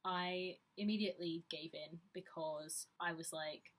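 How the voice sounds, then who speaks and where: A woman's voice: on the low side, fairly even intonation, a little slow. A woman talking frankly and reflectively to camera in a personal vlog. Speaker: vlogger. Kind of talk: candid personal vlog talk.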